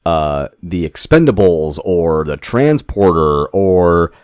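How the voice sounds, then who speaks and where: Deep-voiced man, rambling podcast chat. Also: sing-song, slow, a little mellow, clear, resonant tone, dry recording. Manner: rambling, profane, many restarts. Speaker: podcast co-host. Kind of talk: casual chat.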